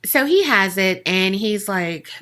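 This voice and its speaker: Woman, podcast co-host, unhurried, bright tone, casual and profane. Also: mid-range voice, animated. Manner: casual, profane, laughs often. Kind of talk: casual storytelling chat.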